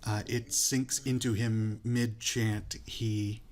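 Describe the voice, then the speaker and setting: A man running a tabletop game as dungeon master, narrating outcomes in a measured, descriptive way. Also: fairly low pitch, little pitch movement, a little mellow.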